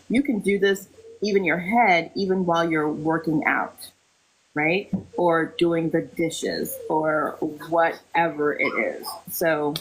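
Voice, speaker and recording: A woman teaching casually as a spiritual coach on a live stream, chatty with frequent fillers, softly reciting mantras. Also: on the low side, slight background noise.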